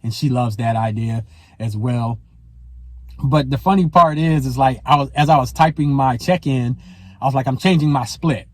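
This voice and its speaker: A man's voice: mid-range voice, normal speed, no room sound. Rambling, chatty man in his forties. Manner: rambling, laughs often, many fillers like "you know" and "man". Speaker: fitness vlogger. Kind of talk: casual vlog chat.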